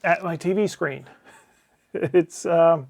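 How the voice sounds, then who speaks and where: A middle-aged man reads his own scripted movie review as the host of his channel, slightly high in pitch. He is blunt and profane, tossing off wry asides as he goes. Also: takes it slowly, gravelly, a little mellow. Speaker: channel host, game publisher. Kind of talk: scripted opinionated film review.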